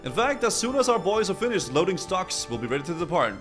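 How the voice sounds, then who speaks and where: A man's voice: sits high, big pitch swings, quick pace, music in the background, voice pushed up. A man voicing a smug, haughty pirate captain in a fantasy game, speaking in a pompous, condescending way. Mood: boastful.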